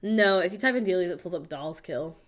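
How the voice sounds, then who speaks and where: Woman, American, casual livestream chat, animated, playful, self-mocking. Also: fairly low pitch, brisk. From United States. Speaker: livestream host reading chat.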